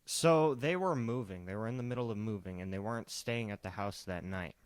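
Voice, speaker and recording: A young man co-hosting a podcast, telling a story casually and profanely, quoting people in a lowered voice. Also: brisk, smooth, no room sound. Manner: profane, laid-back, quotes people in a lowered voice. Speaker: podcast co-host.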